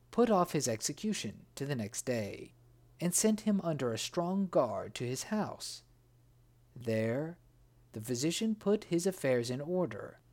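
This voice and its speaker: A narrator reads an old fairy tale slowly and carefully. The pitch rises and falls with a lively swing. The delivery is unhurried throughout. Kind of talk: scripted storybook narration.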